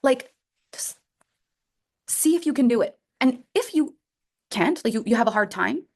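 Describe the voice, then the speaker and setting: A woman coaching members of her program on a group call, talking in a lively, playful way and acting out little scenes. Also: on the high side, unhurried. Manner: lively, playful, acts out voices. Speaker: coach leading a women's program.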